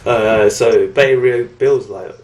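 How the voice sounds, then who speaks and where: A man's voice: mid-range voice, slow pace, darkish tone, echoey room. A man casually recapping a comic book story on a podcast, rambling and acting out the characters' lines. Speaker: podcast co-host.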